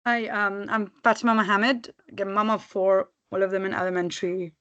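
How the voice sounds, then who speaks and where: Earnest mom on a muffled call. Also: female voice, mid-range voice, flat delivery, brisk, fairly bright tone. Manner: earnest, committed. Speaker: parent committee member. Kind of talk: virtual meeting introduction. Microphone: video call.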